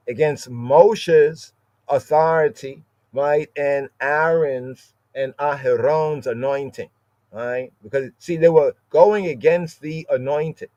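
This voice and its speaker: Male teacher for a casual scripture class: unhurried, repetitive, constantly checks in with listeners, dry close mic. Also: mid-range voice, a little mellow, no echo. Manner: repetitive, asks "right?" constantly, spells out words. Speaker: Bible study teacher. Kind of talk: informal scripture lesson.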